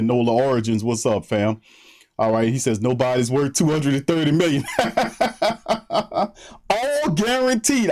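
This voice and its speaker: A man's voice: medium pitch, darkish tone. A man hosting a sports livestream, greeting viewers by name in loose, slangy chat and laughing often. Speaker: sports podcast host.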